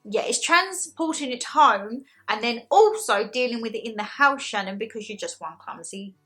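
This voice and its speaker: Bubbly high-voiced woman vlogger. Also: normal speed. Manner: animated, laughs often, self-deprecating. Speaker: haul vlogger. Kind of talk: casual chatty haul video.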